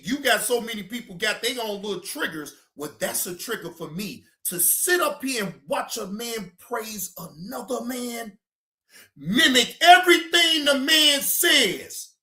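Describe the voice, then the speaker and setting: A man in his fifties speaking AAVE, ranting loudly on a livestream and then chatting and laughing, heard in an echoey room. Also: sits high, animated, moderate pace. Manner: loud preachy ranting, then laughing and joking. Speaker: reaction streamer. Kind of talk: livestream rant and casual chat.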